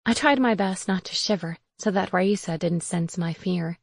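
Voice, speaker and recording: A woman reading a first-person cozy mystery aloud in an even, wry tone. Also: on the low side, moderate pace, creaky, no echo, studio quality. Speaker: audiobook narrator. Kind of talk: first-person audiobook narration.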